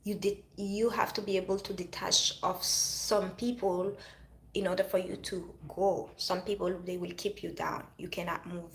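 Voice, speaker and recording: A woman's voice: lowish voice, flat delivery, normal speed, creaky, echoey room, low-quality recording. A woman with a French accent speaking earnestly in a casual motivational monologue, often restarting her phrases. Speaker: vlogger.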